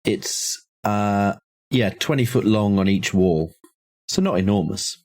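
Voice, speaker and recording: Man, game master, very deep voice, breathy, measured horror narration, small hesitations. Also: a little mellow.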